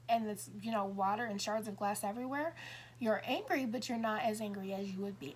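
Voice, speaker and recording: With a mid-range voice and slight hiss or hum on the recording, a woman in her fifties who reads tarot rambles casually. She keeps cutting herself off and performs small dialogues to illustrate her points.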